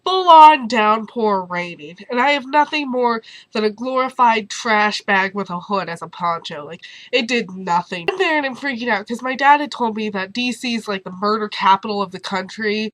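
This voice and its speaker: A young woman whose voice is going hoarse tells stories from her life in a bubbly, animated vlog. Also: mid-range voice, low-quality recording. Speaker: vlogger. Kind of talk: casual storytelling vlog.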